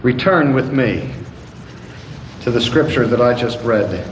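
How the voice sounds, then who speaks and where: An older man preaching a sermon to a gathering, slow and deliberate with dramatic pauses. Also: medium pitch, animated, noisy background. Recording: echoey hall from a distance.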